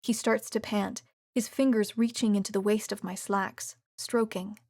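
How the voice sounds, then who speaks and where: A woman reading a first-person romance audiobook in a steady, even way. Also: mid-range voice, moderate pace, creaky, dry recording, studio quality. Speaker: audiobook narrator.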